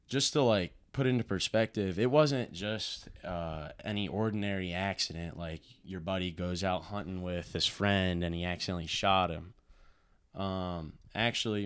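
A young man telling a painful personal story in a casual, halting way, full of restarts and fillers. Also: deep voice, clear, resonant tone. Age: young adult.

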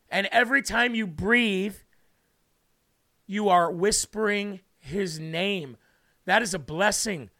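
A man's voice: high voice, sharp tone. A man hosting a livestream who preaches fervently and emphatically, repeating words for stress, and is moved to tears. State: tearful, moved. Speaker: livestream host.

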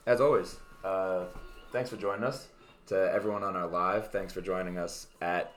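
A young man hosting a casual late-night podcast, talking loosely with lots of fillers. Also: deep voice. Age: young adult. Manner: relaxed, rambling with many fillers. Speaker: podcast host. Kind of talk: casual chat.

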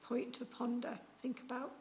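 A woman's voice: a little high, flat delivery, moderate pace, slight background noise, low-quality recording. A woman preaching an Easter sermon in a chatty, conversational way, acting out the people in the story as she tells it. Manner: casual, chatty with fillers like "like" and "you know".

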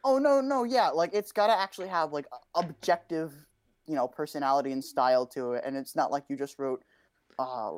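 Low-voiced young woman, casual chat. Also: darkish tone. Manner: chatty, laughs often, quick asides.

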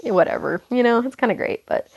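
A young woman hosting a podcast, telling a casual story in a rambling way, correcting herself often and filling pauses with um and you know. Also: a little high, animated, vocal fry, a little mellow, husky. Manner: rambling, self-correcting, lots of fillers and asides. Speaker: podcast host.

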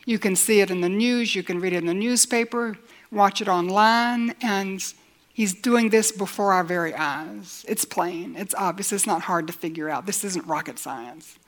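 A woman's voice: mid-range voice, normal speed. A woman preaching a sermon in an earnest way, building with repeated lines and sometimes dropping almost to a whisper. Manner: earnest, drops to near-whispers for emphasis; builds with repetition and rising lines.

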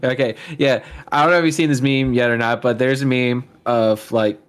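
A young man of middling pitch joins a casual podcast chat as the guest. He talks in a relaxed, chatty way and keeps dropping into quoted lines as he recounts funny clips. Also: moderate pace, clean tone.

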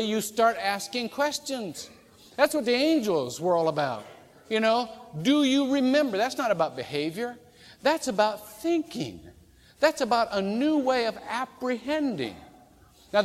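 A man preaching a sermon as pastor, animated and humorous, acting out quoted voices as he goes. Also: high-pitched. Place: church sanctuary. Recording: reverberant church hall.

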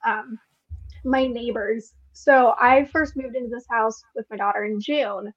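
High-voiced woman, blunt and profane. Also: steady tone, a little slow, highs cut off. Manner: blunt and profane, exasperated storyteller. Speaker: podcast guest. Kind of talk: casual chat.

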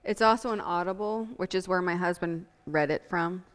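A woman's voice: lowish voice, normal speed, long reverb tail. A woman, the pastor's wife, chiming in with practical asides during a shared sermon. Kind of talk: sermon shared with her husband.

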